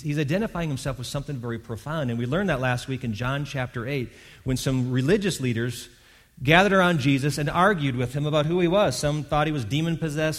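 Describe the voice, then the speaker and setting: Man preaching in an echoing hall. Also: medium pitch. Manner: conversational preaching with restarts and acted quotes. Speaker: pastor. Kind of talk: sermon. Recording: long hall reverb.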